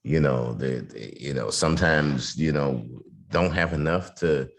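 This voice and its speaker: A man hosting an interview, talking in an animated, hyped way with lots of fillers over a video call. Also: rumbling low, unhurried, vocal fry. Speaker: podcast host. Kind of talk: casual interview talk.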